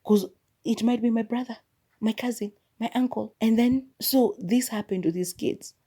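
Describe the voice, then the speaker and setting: A woman's voice: on the high side, moderate pace, mellow, breathy edge. A young woman, hosting a podcast and chatting expressively through a casual movie review. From Kenya. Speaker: podcast host.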